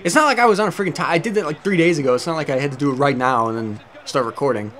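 A man's voice: on the high side, rapid-fire, a bit bright. A young man casually commenting over gameplay at home, rambling, self-mocking and swearing often. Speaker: let's play host. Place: at home with a cat.

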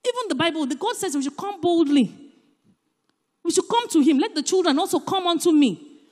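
A woman with a Nigerian accent giving an animated, emphatic church talk, swinging between loud and soft. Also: extremely high pitch, fairly quick. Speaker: church speaker. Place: church hall. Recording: echoey church hall.

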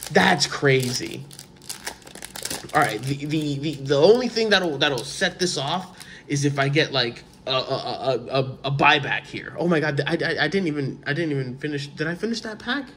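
A man hosting his own vlog, opening sports card packs in casual, excited chat, often stammering and repeating words. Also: a little high, moderate pace, slight background noise.

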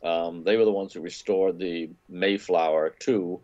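A man's voice: deep voice, fairly even intonation, unhurried, darkish tone, muffled recording. A man, a travel and food writer, talking casually in an interview, rambling with frequent restarts and enthusiasm over a video call. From New York area.

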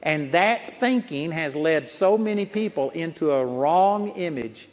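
A man's voice: fairly high pitch, lively intonation, a little slow. A man preaching a sermon in a folksy storytelling way, chuckling at his own anecdotes. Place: large auditorium. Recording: long auditorium reverb.

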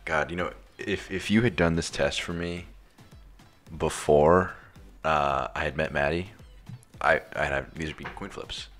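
Young American man, extremely deep voice, halting casual quiz answers. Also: fairly bright tone, faint music behind. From United States. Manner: hesitant, thinking aloud with many restarts. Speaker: quiz contestant. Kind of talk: casual chat.

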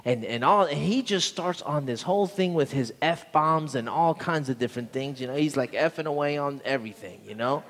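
A man's voice: a little high, moderate pace, hardly any pauses, a bit bright, big-room sound. A man pastor preaching a sermon, telling a story earnestly and often repeating words, in a church sanctuary.

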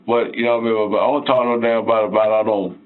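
A man's voice: fairly low pitch, level tone, fast talker, narrow, tinny audio. A man being questioned by police, answering with rambling, defensive denials. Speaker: suspect. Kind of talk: police interrogation.

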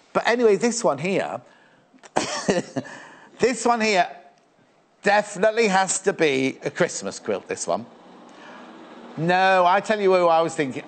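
A man's voice: fairly high pitch, a little hiss or hum. A middle-aged man presenting on a live shopping channel, chatting playfully with many stumbling restarts. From England. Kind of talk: live TV sales chat.

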